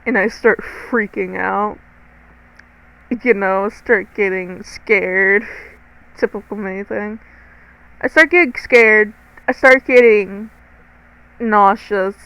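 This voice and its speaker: Slow-talking teenage girl telling a story. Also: mid-range voice, fairly even intonation, fairly bright tone, smooth, muffled recording. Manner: chatty and dramatic, swears freely, talks straight to viewers. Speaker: storytime vlogger. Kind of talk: casual storytime narration.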